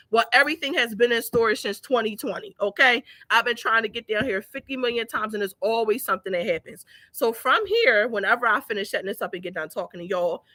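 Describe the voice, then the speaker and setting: Animated Philly woman telling stories. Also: no room sound. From Philadelphia. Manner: animated, breaks into laughter and high-pitched yelling while telling stories. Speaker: business owner vlogging. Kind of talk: casual storytelling vlog.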